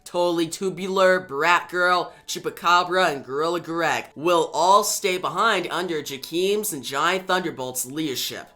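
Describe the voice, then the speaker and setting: A man's voice: on the high side, unhurried, hardly any pauses, sharp tone. A man voicing a fierce female superhero team leader, speaking urgently and giving commands. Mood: commanding.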